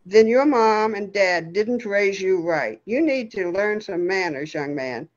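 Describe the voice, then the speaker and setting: A woman's voice: mid-range voice, animated, a little slow, muffled recording, close to an everyday voice. A woman voicing a feisty, stubborn elderly woman with dementia, scolding in a tart way. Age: older.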